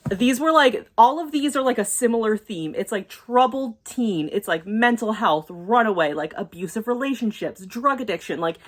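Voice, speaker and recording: A young woman talking casually to her camera at home, emotional and quick, swearing and filling with "like". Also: a little high, expressive. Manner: emotional, fast, swearing, many fillers. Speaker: YouTuber. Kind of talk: casual vlog chat.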